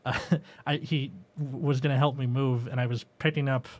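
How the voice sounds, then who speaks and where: A young man hosting a podcast, chatting casually and joking, with quick reactions and frequent laughs. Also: mid-range voice, steady tone. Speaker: podcast host.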